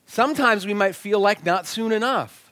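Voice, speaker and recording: Animated preacher man, slightly high voice. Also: normal speed, no room sound. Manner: animated, acts out quoted dialogue, drops to near whispers. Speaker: pastor. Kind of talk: sermon with personal storytelling. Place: church sanctuary.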